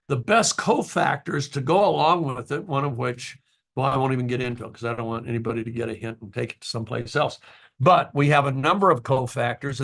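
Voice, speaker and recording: A man's voice: on the high side, a bit bright. A man speaks to his distributors as their company's founder in a loose, heartfelt talk. He rambles with fillers and restarts mid-sentence, earnest throughout and emotional at times. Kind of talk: casual motivational talk.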